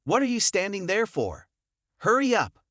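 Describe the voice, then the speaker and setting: A man's voice: on the high side, sing-song, moderate pace, a bit bright, no echo, studio quality. Man voicing a stern, upright young man. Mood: firm.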